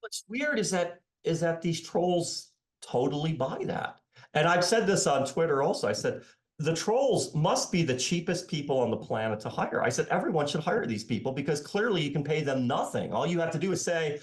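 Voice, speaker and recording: A man in his fifties, an economics professor, talking in a podcast interview in a sarcastic, animated way. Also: a little high, moderate pace, roomy sound. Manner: animated and sarcastic, voicing his critics mockingly. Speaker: economics professor and author, guest.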